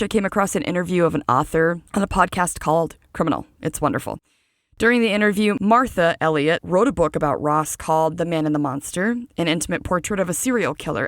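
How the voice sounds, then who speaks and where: A woman's voice: lowish voice, no echo, clean studio sound. A woman hosting a true crime podcast, reading a script and adding casual personal asides.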